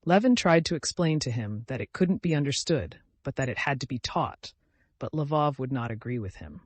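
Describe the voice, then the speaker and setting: A man reading a classic novel aloud as an audiobook narrator, in an even, measured way. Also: medium pitch, dry recording. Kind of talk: scripted narration.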